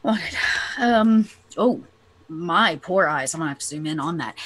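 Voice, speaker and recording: A woman playing a tabletop game, excitable and bubbly. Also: low-pitched, moderate pace, husky. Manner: excitable, bubbly, with lively rises. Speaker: player.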